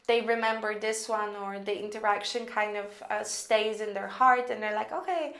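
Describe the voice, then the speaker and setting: A woman teaching copywriting in a casual, chatty way, thinking out loud with lots of fillers as she walks through an email draft. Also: mid-range voice, little pitch movement, normal speed, echoey room. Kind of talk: casual screen-recorded lesson.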